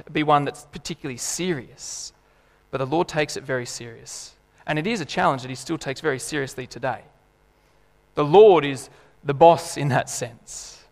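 Animated preacher in a reverberant hall. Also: male voice, a little high. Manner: animated, emphatic, laughs and acts out voices. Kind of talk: sermon.

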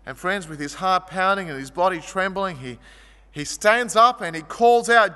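A man preaching a sermon, telling stories vividly and swinging between loud, animated passages and quiet, low ones. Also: normal speed, clean tone, big-room sound. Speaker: pastor.

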